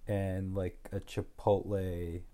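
A man's voice: low voice, level tone, slow, dark tone. A man chatting casually and making dry, joking asides. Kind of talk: casual chat.

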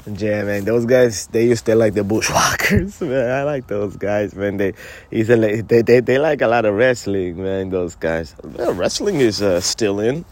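A man's voice: lowish voice, lively intonation, measured pace. A man hosting a comedic podcast, talking in a laid-back, rambling way. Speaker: podcast host. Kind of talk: comedic casual chat.

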